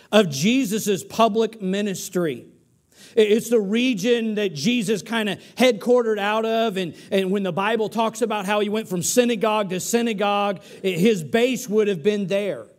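A man with a high voice preaches a sermon from a church pulpit. He tells his stories with restarts and false starts, then rises to emphatic peaks. The sound is that of a church service livestream. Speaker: pastor. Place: church sanctuary.

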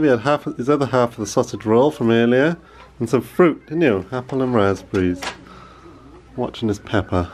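Very animated, with a medium pitch, a darkish tone, and normal speed, a young father chats casually while vlogging with his toddler, often switching to a sing-song voice for him. Noisy handheld-camera audio captures humming kitchen appliances, then traffic and outdoor noise by a canal.

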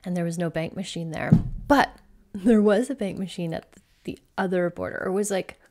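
A woman's voice: fairly low pitch, moderate pace, a little mellow. Chatty woman telling a travel story. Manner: chatty, rambling, peppered with "like". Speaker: coach and podcast host. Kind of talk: casual personal storytelling.

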